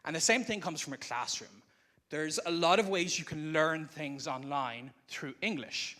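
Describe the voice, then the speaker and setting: A man's voice: fairly high pitch, moderate pace, bright, forceful tone. A man giving a live presentation to an audience at a conference, speaking into a microphone in a conversational, explanatory way. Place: conference room before an audience.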